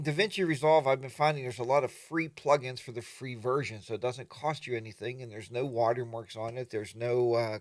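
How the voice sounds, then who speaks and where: A man's voice: medium pitch, no echo. A man hosting a casual morning livestream from his home studio, greeting viewers by name and rambling along with plenty of fillers. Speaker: livestream host.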